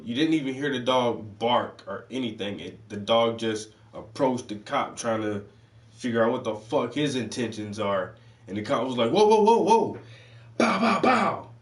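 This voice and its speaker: A man tells a story in a loose, rambling rant, cursing often and restarting his thoughts. His voice sits in the middle range. He is recorded some distance from the mic, and the room adds a noticeable echo. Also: mid-range voice. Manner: profane, rambling, heavy use of "like". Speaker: channel host.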